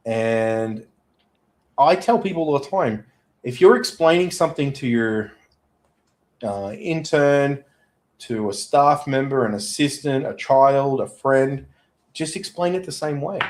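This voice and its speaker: A man chatting as a podcast guest. He tells his stories in an animated, everyday way, with a voice sitting in the middle of the male range. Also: mid-range voice, rough recording. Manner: animated storyteller. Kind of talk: casual podcast chat.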